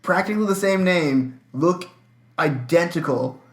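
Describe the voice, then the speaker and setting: A man's voice: fairly high pitch, lively intonation, a little slow. A young adult man co-hosting a podcast, telling a candid, profane anecdote in casual chat. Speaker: podcast co-host. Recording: roomy echo.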